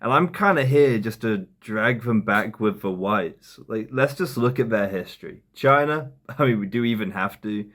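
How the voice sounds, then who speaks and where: A man's voice: fairly low pitch, lively intonation, normal speed, few pauses, fairly bright tone. Sarcastic man doing comedy commentary. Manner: sarcastic, mocking. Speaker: commentary YouTuber.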